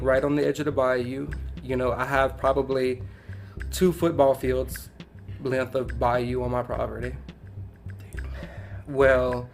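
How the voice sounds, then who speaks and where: A man with a Cajun accent tells a story from his own life as a podcast guest. His delivery is animated and casual, full of Southern turns of phrase and quick laughs. His voice sits at a middling pitch. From Louisiana bayou country.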